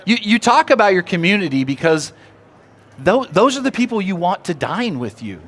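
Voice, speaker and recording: A man giving a live seminar talk, animated and drawing the audience in with questions. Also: sits high, normal speed. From Oklahoma. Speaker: seminar speaker. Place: seminar room.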